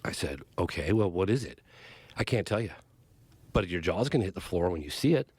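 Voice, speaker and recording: Man telling a story with lively pitch. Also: fairly quick, slightly rough. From Northern California. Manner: vivid, excited retelling with acted-out quotes. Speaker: podcast guest, documentary filmmaker. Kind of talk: animated storytelling in conversation. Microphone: studio podcast mic.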